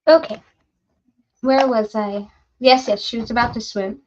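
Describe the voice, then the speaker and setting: A woman's voice: on the high side, steady tone, measured pace. Woman narrating a story, lo-fi. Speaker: audiobook reader.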